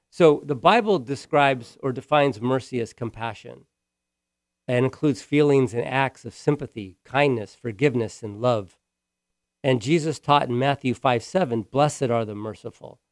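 A man's voice: mid-range voice, no echo. Male pastor, earnest storytelling sermon, stumbling restarts, dry sound.

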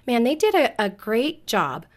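A middle-aged woman with a slightly high voice speaks earnestly and reflectively about her upbringing. She is a guest in a relaxed faith conversation. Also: unhurried. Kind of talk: personal testimony in casual talk.

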